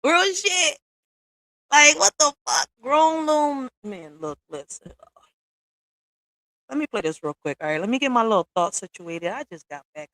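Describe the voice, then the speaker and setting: A woman's voice: high voice, animated, normal speed, pauses often, sharp tone, no echo. A woman hosting a live stream at home in a casual, blunt rant. She talks straight to her viewers with profanity and slangy asides. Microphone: streaming software setup.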